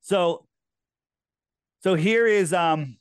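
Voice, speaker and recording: A man chatting as a podcast guest over a video call, animated and mocking, laughing often. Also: sits high, very slow, smooth, dry recording, studio quality. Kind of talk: casual podcast chat.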